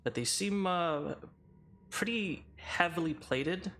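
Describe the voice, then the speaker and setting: Man, game master, narrating a tabletop game, slow, mid-pitched, unhurried with fillers. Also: fairly bright tone, a little hiss or hum. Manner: unhurried, with many fillers and restarts.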